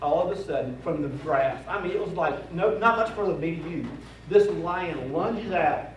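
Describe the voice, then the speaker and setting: A man's voice: on the high side, moderate pace. A man telling humorous hunting stories as a banquet speaker, acting out the voices of the people in them. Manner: animated Southern-style storyteller, acting out voices. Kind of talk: humorous storytelling speech. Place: banquet hall. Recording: echoey hall, from far off, noisy.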